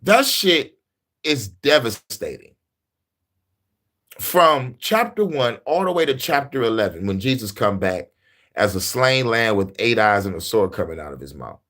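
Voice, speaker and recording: Casual male host riffing profanely, animated storyteller who laughs a lot. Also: fairly low pitch, measured pace. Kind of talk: casual monologue.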